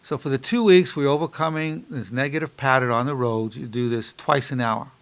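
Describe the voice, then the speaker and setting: Gravelly emphatic man in his sixties lecturing. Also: medium pitch. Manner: repeats affirmations slowly and softly during exercise. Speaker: psychologist lecturer. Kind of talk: instructional lecture with guided exercise.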